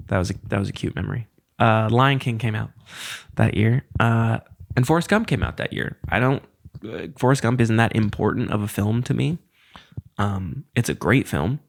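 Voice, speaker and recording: Gravelly low-voiced man hosting a podcast. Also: lively intonation, moderate pace. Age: around 30. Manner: rambling, self-deprecating, loose and conversational. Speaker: podcast host. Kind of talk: casual solo podcast monologue.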